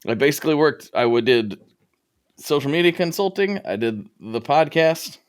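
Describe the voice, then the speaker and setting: A man's voice: on the high side, lively intonation, moderate pace. A middle-aged man hosting a podcast, telling his story reflectively and acting out his own past thoughts. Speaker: podcast host. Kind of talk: casual interview chat.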